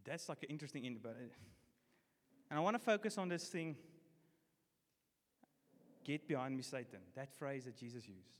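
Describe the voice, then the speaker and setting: A man preaching a sermon, casual and energetic, leading the congregation in call-and-response. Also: mid-range voice, moderate pace, long pauses. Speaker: pastor. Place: church hall. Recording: long reverb of a church hall.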